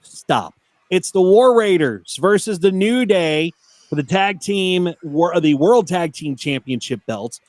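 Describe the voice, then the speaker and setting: A man with a slightly high voice hosts a laid-back wrestling podcast. He jokes with his co-hosts and throws in ring-announcer hype introductions, recorded in a dry, close room. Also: animated, slow pace, a little mellow, dry recording. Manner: joking, announcer-style introductions. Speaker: podcast co-host. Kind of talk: casual wrestling podcast banter.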